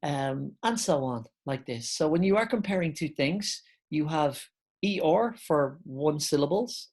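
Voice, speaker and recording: A woman's voice: low voice, darkish tone, slightly rough. A woman teaching an online English grammar lesson, explaining step by step and calling her viewers guys.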